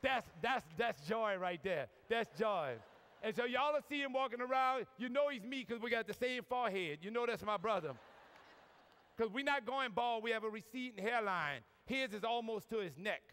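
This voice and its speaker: A man's voice: very high voice, animated, moderate pace, a bit bright, clear, resonant tone. A man with a New Orleans accent, a priest giving a folksy, joking talk to a large audience. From New Orleans, USA. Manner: folksy, joking, lots of y'all. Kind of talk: preaching talk with humor. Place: large convention hall. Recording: long reverb from a large hall.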